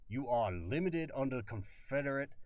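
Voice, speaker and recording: A man voicing a stern old male colonel with a put-on Southern accent, halting and stiffly formal. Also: medium pitch, expressive, darkish tone, dry recording, voice pushed up, natural voice. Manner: halting, repeats words, stiff formal delivery.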